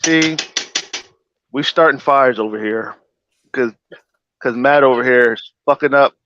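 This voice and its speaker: A man's voice: medium pitch, measured pace, a bit bright, dry recording. A man hosting a casual talk show, laid-back and slangy. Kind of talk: casual chat. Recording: dry, dull lo-fi audio.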